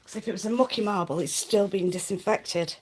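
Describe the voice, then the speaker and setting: A woman's voice: mid-range voice, fairly quick, a little hiss or hum. A woman with a Lancashire accent, chatting rambly on a livestream and reading viewer comments aloud. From Lancashire, England. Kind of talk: casual livestream chat.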